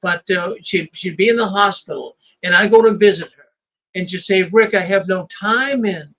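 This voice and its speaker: Bright-voiced high-pitched man, emphatic. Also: moderate pace, poor audio. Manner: emphatic, repeats words when starting. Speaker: host. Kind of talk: casual conversation.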